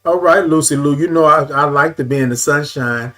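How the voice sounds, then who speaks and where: A man leads a casual morning live stream, greeting viewers by name with drawn-out, sung hellos and frequent "y'all"s. He repeats phrases and adjusts his camera while talking. His voice is fairly high and a bit bright.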